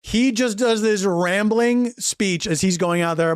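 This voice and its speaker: Animated man retelling a movie. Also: high voice, unhurried, hardly any pauses, smooth. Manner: animated storytelling, acts out character lines, laughs often. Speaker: podcast guest recapping a film. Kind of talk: casual chat.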